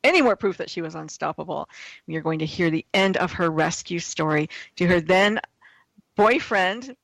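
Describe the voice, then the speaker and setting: A woman hosts a radio interview in a slightly low voice. She recaps the story and asks her guest engaged follow-up questions, and her voice sounds dry and close to the mic. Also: expressive, normal speed, creaky, a bit bright, dry recording, rough recording. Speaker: host.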